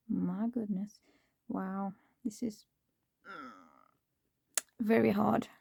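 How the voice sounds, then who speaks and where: A woman's voice: medium pitch, fairly even intonation, drawn-out words, vocal fry, long pauses, mellow, slightly rough, no echo. A woman chatting to herself as she crafts, often dropping into a whisper. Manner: chatty, talks to herself while working, drops into whispers. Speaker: crafting vlogger. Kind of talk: casual crafting commentary.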